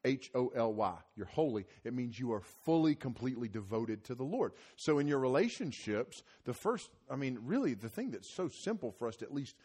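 Husky middle-aged male preacher. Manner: animated, rises loud and high when telling stories. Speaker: conference speaker preaching. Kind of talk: sermon with personal storytelling. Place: conference hall.

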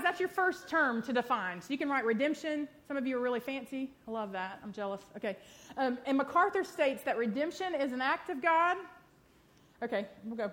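Female church speaker, fast self-deprecating sermon delivery, slightly high voice. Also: lively intonation, fairly bright tone. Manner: quick, chatty and self-deprecating. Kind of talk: sermon teaching with prayer.

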